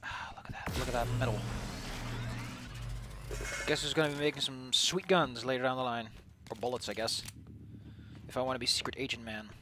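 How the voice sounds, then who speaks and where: A man's voice: medium pitch, steady tone, fairly quick, long pauses, background noise. A young man streaming a video game, rambling in sarcastic, casual commentary that is full of swearing. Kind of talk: casual let's-play commentary.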